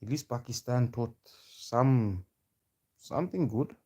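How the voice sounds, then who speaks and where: A man's voice: mid-range voice, slow pace, dark tone, husky. A man delivering a confrontational street rant, taunting and challenging his listeners and repeating himself. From South Africa. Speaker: protester.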